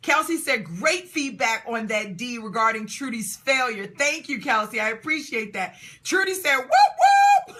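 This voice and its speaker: A woman's voice: high-pitched, bright, forceful tone. A middle-aged woman hosting a live Q&A stream, reading out viewer comments, laughing and cheering often. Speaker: host of a live Q&A call.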